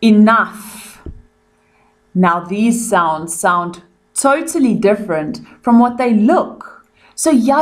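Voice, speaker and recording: Slow, patient South African woman teacher. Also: medium pitch. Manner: clear, patient, explains each word slowly. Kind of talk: recorded lesson.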